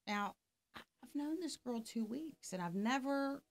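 Woman, middle-aged, life coach, casual storytelling, animated dialogue, gravelly texture. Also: high voice, unhurried. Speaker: podcast guest, life coach.

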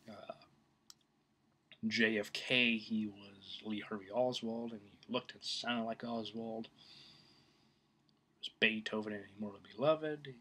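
Man, low pitch, husky, casual vlog talk, fillers and restarts. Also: a bit bright. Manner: rambling, many fillers and restarts. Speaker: film vlogger.

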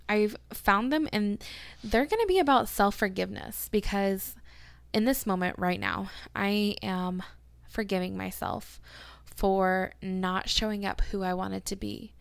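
Gushing, tearful woman with a gravelly edge. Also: mid-range voice, no room sound. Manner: gushing, tearful, swears casually. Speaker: podcast host. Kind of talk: emotional self-help chat with affirmations.

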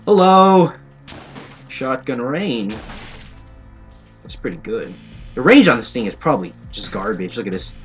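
A man's voice: medium pitch, sing-song, moderate pace, pauses often. Sarcastic young man playing a game. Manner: playful, sarcastic, jokey asides. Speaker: gaming commentator. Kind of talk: let's play commentary. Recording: faint game music behind.

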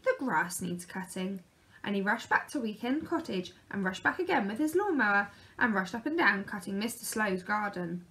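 A woman reading a children's picture book aloud in a lively, expressive way. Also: medium pitch, a little fast, hardly any pauses. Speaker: storyteller.

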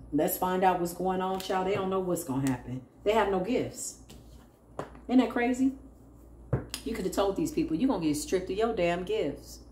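Sassy tarot lady with a lowish voice, blunt, echoey room w faint hiss. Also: mellow. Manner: sassy, blunt, laughing, calls listeners "child". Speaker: tarot reader. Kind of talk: casual tarot reading to viewers.

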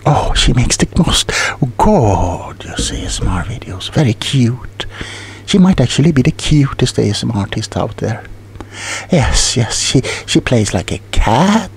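A man's voice: medium pitch, big pitch swings, a little slow, breathy edge, heavily acted. A man playing a rambling, scatterbrained tingle salesman in a whispered role-play, stumbling over his words. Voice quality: soft whispering. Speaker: ASMR role-play performer.

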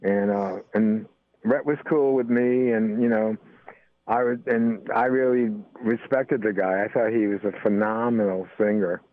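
Older American guest, rambling easy talk, dry phone-like sound. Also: male voice, on the low side, fairly even intonation, a little slow, no room sound. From United States. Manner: rambling, full of "you know" fillers. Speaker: guest musician. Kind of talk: casual interview talk. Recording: tinny phone-line sound.

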